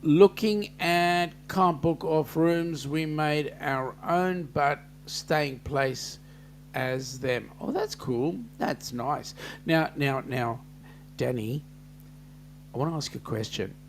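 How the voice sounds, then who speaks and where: Slow, gravelly Australian man chatting. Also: on the high side, slight background noise. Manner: jokey, chatty, greets viewers by name. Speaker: host. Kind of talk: casual live-stream chat reading comments.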